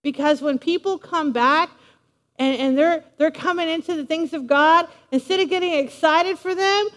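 High-voiced woman preaching in a big hall. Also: moderate pace. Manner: lively, playful, talks straight to the congregation. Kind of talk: sermon. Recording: long reverb of a large hall.

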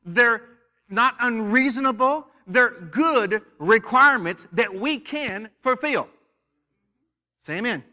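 A man from the United States preaching in a church, with a high, bright and forceful voice. He leads the congregation in call-and-response and teases its members in a playful way. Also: animated, takes it slowly. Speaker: pastor. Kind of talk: sermon.

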